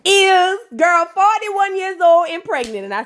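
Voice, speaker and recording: Sassy high-voiced woman recapping TV. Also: big pitch swings, measured pace, a bit bright. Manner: sassy, chatty, acts out quoted people. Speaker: reality TV recap host. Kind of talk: casual comedic recap commentary.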